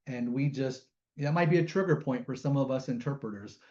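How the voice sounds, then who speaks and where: A man's voice: mid-range voice, brisk, dull audio. A middle-aged man telling personal stories on a webinar, acting out the quoted voices as he goes. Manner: animated storytelling, acts out quotes. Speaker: guest storyteller and sign language interpreter.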